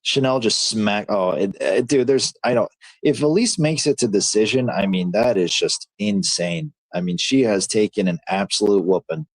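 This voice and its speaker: A man hosting a livestream, reacting excitedly to fights as they happen and reading chat in a slangy, casual way. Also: fairly low pitch, moderate pace, dry recording. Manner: excitable, slangy, talks to chat as dude and bro. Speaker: livestream host.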